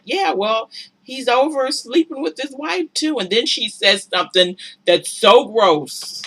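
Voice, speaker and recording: A woman giving casual vlog commentary on a reality show, talking in an animated, incredulous way that climbs into exasperated outbursts. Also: a little high, a little slow, husky.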